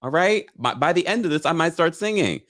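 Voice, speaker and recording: A man hosting a laid-back recap livestream reads out viewer comments into his webcam mic and chats animatedly. His voice is a little high and fairly bright, with lively intonation and a fairly quick pace.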